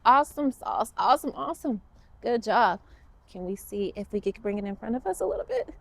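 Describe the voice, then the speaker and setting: A woman's voice: fairly high pitch, lively intonation, a little fast, creaky, dry recording. A woman guiding a kids yoga class, upbeat and encouraging with playful cues.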